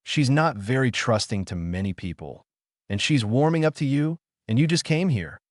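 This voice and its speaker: A man voicing a kindly old male wizard headmaster who speaks calmly and gravely. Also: mid-range voice, dry recording, studio quality, lightly acted. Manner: calm, grave, measured.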